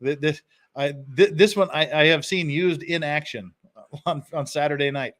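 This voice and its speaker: A man's voice: fairly high pitch, moderate pace, fairly bright tone. A man hosting a casual live stream, reading phrases aloud and chuckling often.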